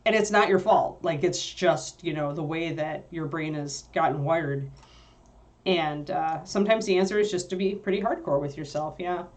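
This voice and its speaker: Co-hosting a livestream, a woman with a deep voice chats casually with viewers at normal speed, answering their messages. She rambles, leans on lots of fillers, and laughs easily.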